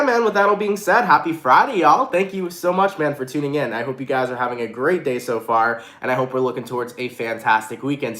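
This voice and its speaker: A man's voice: fairly high pitch, reverberant, heavy background noise. A man with a stuffy, congested nasal voice, giving a casual, slangy tarot reading straight to his viewers. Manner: hyped, slangy, addresses viewers directly. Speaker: tarot reader.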